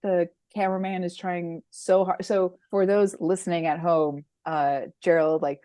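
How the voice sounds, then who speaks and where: Mellow-voiced woman podcast co-host. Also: fairly low pitch, fairly even intonation, unhurried, no room sound. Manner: quippy, wry, laughs while talking. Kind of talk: casual chat.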